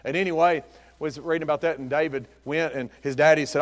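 A man preaching a sermon, rising to shouted emphasis and dropping to quiet, folksy storytelling. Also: on the high side, fairly even intonation, quick pace.

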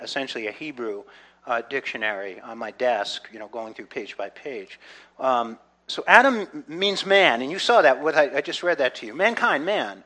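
A man giving a conversational Bible teaching, earnest, often checking in with the listeners and swinging between soft reflection and loud excitement. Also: medium pitch.

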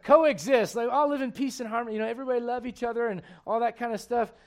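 A man's voice: very high voice, steady tone, fast. A man preaching a sermon in an emphatic, conversational way, full of rhetorical questions.

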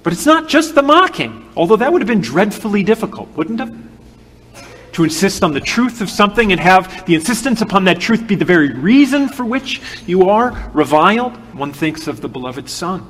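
A man preaching an expository sermon in an earnest, measured way, posing rhetorical questions. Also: sits high, sing-song, fairly bright tone, breathy edge. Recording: long hall reverb.

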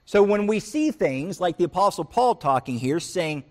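Pastor guy preaching, slightly high voice, gets loud and worked up acting out stories. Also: moderate pace. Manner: animated storytelling, acts out quoted voices and rants. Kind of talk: sermon.

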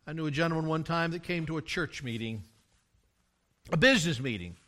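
An older man preaching a sermon, telling a story from his years as a pastor and rising to loud, emphatic climaxes. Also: a little high, animated, normal speed, pauses often.

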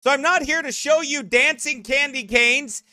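A man who is a pastor delivering a brash, mocking, rapid-fire rant to an online audience. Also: very high voice, pushed and bright, no echo, studio quality. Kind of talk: online ranting sermon.

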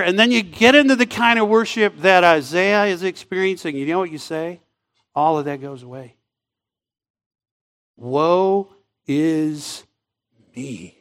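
A man with a high-pitched voice preaches a sermon in a church. He swings from loud, emphatic lines to near-whispers. He slows right down and stretches words out to drive a point home. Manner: dramatic swings from loud to hushed, drawn-out phrases. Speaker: pastor.

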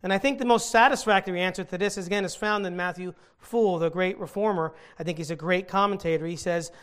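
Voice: medium pitch, fast talker. Earnest Bible teacher explaining scripture. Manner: earnest, explains original-language words.

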